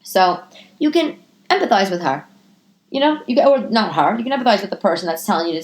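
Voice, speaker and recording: A woman hosting a casual solo podcast from her living room, talking in an animated, profane way, with her pitch swinging up into high exclamations. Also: brisk, gravelly. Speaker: podcast host.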